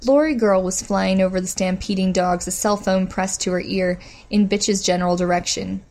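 Woman narrating a story, measured and steady. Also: mid-range voice. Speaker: audiobook narrator. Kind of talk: scripted narration.

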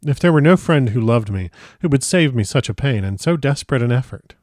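A man's voice: mid-range voice, expressive, fairly quick, a little mellow, dry recording, clean studio sound, pitched above the performer's own voice, natural voice. A man voicing a brave, sorrowful young woman who states her grim resolve plainly and earnestly. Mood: solemn.

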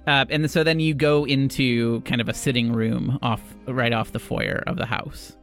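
A man's voice: mid-range voice, fairly even intonation, normal speed, creaky, a bit bright, soft background music. A man narrating a tabletop game as game master, in a loose style full of fillers. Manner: casual, filler-heavy narration.

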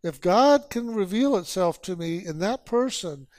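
A man's voice: high-pitched, animated, a little mellow, no echo, clean studio sound. A man giving a spiritual sermon as a teacher, urging listeners with repeated phrases and rhetorical questions. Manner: slow, repetitive exhortation with rhetorical questions.

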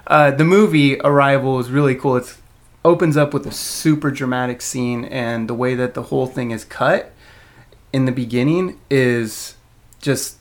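A man chatting casually on a podcast, animated and rambling, often breaking into laughter. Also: medium pitch, normal speed.

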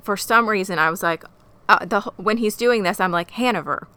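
A woman co-hosting a casual podcast, recapping a TV episode with animated, profane, emotional reactions. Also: medium pitch, fairly quick, clear, resonant tone. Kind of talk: casual chat.

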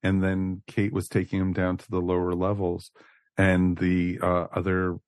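A man with a very low voice, co-hosting a casual fan podcast. He talks in an excited, blunt way and swears now and then. The sound is dry and close to the mic. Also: a little slow, no room sound. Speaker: podcast co-host.

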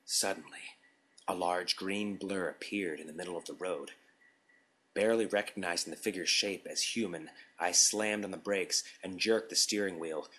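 A man narrating a scripted story in a measured, deliberate storytelling manner. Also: deep voice, bright, forceful tone, poor audio.

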